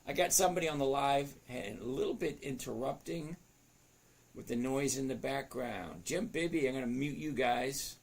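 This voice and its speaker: A man's voice: mid-range voice, moderate pace. A man hosting a casual live stream on trading, greeting chat viewers by name in an upbeat, chatty way. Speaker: livestream host teaching stock trading.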